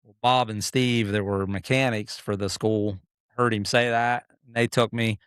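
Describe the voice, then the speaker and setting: A middle-aged man, a motocross racer and podcast guest, telling stories in a casual, animated way that acts out other people and often restarts sentences. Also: fairly low pitch, normal speed, clean tone, dry recording, clean studio sound. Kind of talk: casual storytelling.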